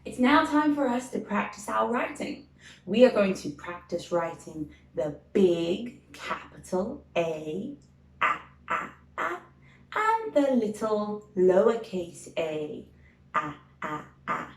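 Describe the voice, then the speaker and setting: A woman's voice: mid-range voice, sing-song. A woman teaching a phonics lesson to young children, drawing out letter sounds and praising often. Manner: slow, drawn-out sounds, encouraging praise. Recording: roomy echo.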